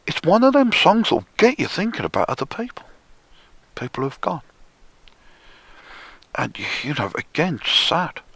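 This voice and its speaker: A man rants in a sneering, profanity-laden monologue at a deliberately slow pace, his pitch swinging widely. His voice is husky, and he often sinks into hushed whispers to drive a point home. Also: no room sound. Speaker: conspiracy commentator. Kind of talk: ranting monologue.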